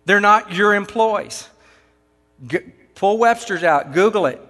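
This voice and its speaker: Preaching to a gathering of church leaders, a Texan-accented pastor drives each point home by firing rhetorical questions at his listeners. His high, bright voice sounds pushed, and he keeps a measured pace. The sound carries a long hall reverb.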